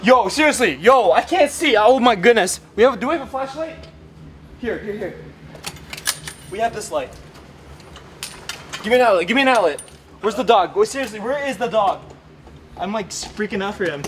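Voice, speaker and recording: A man's voice: high-pitched, lively intonation, moderate pace, pauses often, a crowd in the background. Jumpy, exclaiming young vlogger man. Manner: jumpy, exclaiming, repeats himself. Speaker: YouTube host. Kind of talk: frightened ghost-hunt vlog. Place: dark house indoors. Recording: noisy home video.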